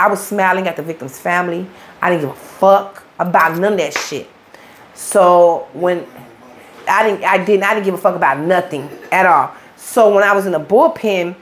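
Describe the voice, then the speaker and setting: A middle-aged woman with a Chicago accent, an interview guest telling her story in blunt, profane street talk. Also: deep voice. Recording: faint background noise.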